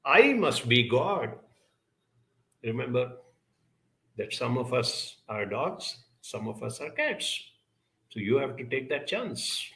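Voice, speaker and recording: A man answering audience questions in a reflective advice talk, speaking in a measured, deliberate way with frequent pauses. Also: mid-range voice, very animated, gravelly, a bit bright, reverberant, poor audio.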